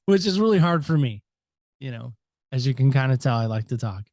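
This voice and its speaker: A man's voice: medium pitch, expressive, brisk, no room sound. A man from the United States, a podcast guest, talking reflectively and at length. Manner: talkative, reflective, varies loudness a lot. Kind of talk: reflective interview talk.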